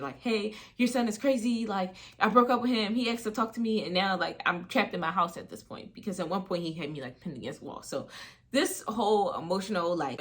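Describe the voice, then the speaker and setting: A young woman tells a personal story straight to the camera, in a casual and chatty vlog style. Her voice sits on the lower side, and she fills her speech with "like" and "you know what I mean". It sounds like a relaxed storytime upload. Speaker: vlogger.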